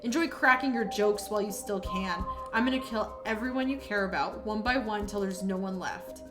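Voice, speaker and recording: A woman's voice: medium pitch, normal speed, music in the background, natural voice. A woman voicing a vicious, vengeful male killer who taunts his victim with cruel, profane sneers while reading a game's lines aloud. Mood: menacing.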